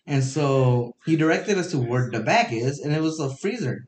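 A young man, a podcast co-host, tipsy from drinking, telling a profane, animated story in casual chat. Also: a little high, moderate pace. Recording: echoey room, faint noise.

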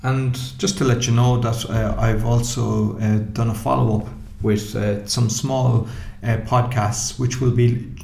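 A man's voice: mid-range voice, steady tone, measured pace, creaky, hardly any pauses, dark tone. A man hosting a podcast interview, speaking with frequent hesitations. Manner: hesitant, many "uh" fillers. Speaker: podcast host.

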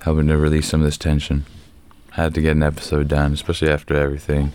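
A young man hosting his own podcast alone, rambling through a casual story full of swearing, with sudden loud bursts. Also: a bass voice, monotone, fast, clean tone. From Canada. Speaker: podcast host. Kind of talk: casual solo podcast monologue.

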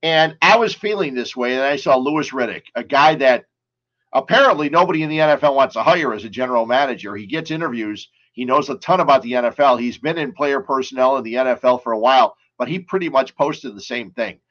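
A man's voice: mid-range voice, expressive, a little fast, a bit bright, dull audio. A man hosting a casual sports and beer talk show, rambling and chatty, full of asides and stories.

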